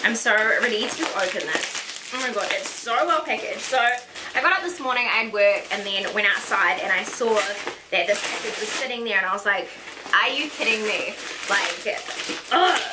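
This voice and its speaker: A beauty vlogger from New Zealand in her twenties chats through a birthday haul, gushing with plenty of "like" and "oh my god." Her mid-range voice is animated at a normal speed, in an echoey room with faint hiss.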